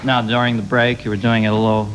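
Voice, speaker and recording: A man's voice: medium pitch, little pitch movement. A man hosting a talk show, joking with his guest in a wry way. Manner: wry, joking, quick with a quip. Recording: TV studio with loud audience and noise.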